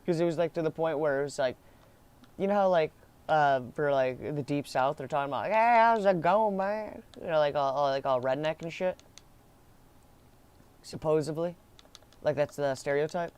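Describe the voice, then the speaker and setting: Young man, casual rambling storyteller, slightly high pitch, smooth clear voice, laughs and swears. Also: fairly even intonation, moderate pace, pauses often, a little mellow.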